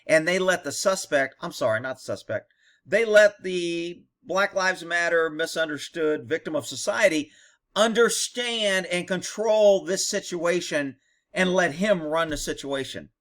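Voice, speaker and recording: A man with a fairly high voice gives blunt video commentary. He is sarcastic and swears freely, and he talks with a confident, no-nonsense edge. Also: lively intonation, measured pace, fairly bright tone.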